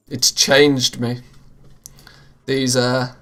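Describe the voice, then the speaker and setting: A man's voice: medium pitch, fairly even intonation, moderate pace, vocal fry, fairly bright tone. A British man hosting a live gaming stream, chatting casually with viewers and laughing often. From England, near Liverpool. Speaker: livestream gamer host.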